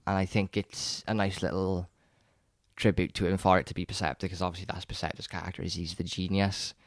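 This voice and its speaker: Low-voiced male co-host, excited rambling chat, close and dry. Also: quick pace, dry recording. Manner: rambling, enthusiastic, frequent restarts and stammers. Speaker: podcast co-host. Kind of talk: casual chat about films.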